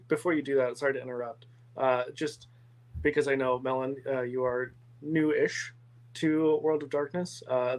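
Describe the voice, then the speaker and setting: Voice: medium pitch, low-quality recording. A game master with a male-range voice, running a tabletop game, laughing often and explaining rules with many fillers.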